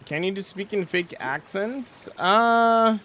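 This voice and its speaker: A man's voice: sits high, takes it slowly, bright, forceful tone, a little hiss or hum. A man livestreaming a game, chatting casually with viewers and humming while he builds. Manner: chatty, answers chat, hums while building.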